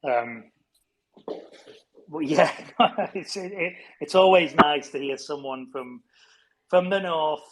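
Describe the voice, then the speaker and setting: A man from Wigan with a northern English accent chats as a guest in a relaxed online interview. He is chummy and talkative and keeps calling the host "mate" and "buddy". His voice sits a little high. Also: slow, pauses often, a crowd in the background, rough recording. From Wigan, Greater Manchester, England. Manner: chummy, says mate and buddy a lot, chatty. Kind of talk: casual online interview chat.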